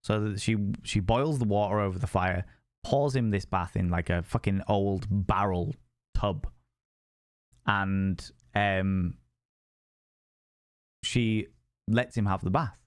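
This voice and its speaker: Guy rambling thru a ghost story on stream, lots of swearing, low voice, dry close sound. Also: takes it slowly, long pauses, clean tone, no room sound. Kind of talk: casual storytelling on a live stream.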